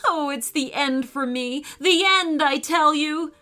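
A woman's voice: very high voice, very animated, measured pace, pushed and bright, soft background music, voice pushed up, exaggerated voice. A woman voicing a big female meat-eating dinosaur who moans and wails in theatrical self-pity. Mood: wailing.

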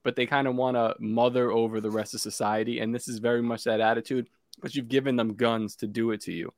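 A man's voice: mid-range voice, level tone, fast talker, no echo. Scornful man ranting on a podcast. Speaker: podcast guest. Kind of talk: casual podcast banter.

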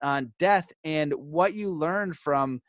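A man's voice: a little high, slow, dry recording. A man hosting a podcast, talking in an earnest, explanatory way with hesitant restarts. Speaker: podcast host. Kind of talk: casual interview conversation.

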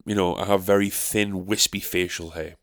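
A man's voice: low-pitched, fairly even intonation, moderate pace, no echo, clean studio sound. A young man from North East England, hosting a casual solo podcast, rambling and sarcastic, swearing freely. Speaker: podcast host.

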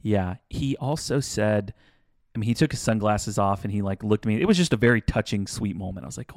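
Man, lowish voice, casual podcast chat, rambling animated storytelling, dry close sound. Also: brisk, no echo. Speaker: podcast co-host.

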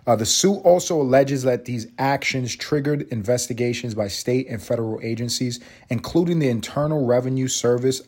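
A young man from Harlem hosts a solo podcast, swearing freely and riffing sarcastically as he reads headlines aloud. His voice sits at an ordinary middle pitch, and his delivery is loose and animated. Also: husky. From Harlem, New York. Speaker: podcast host.

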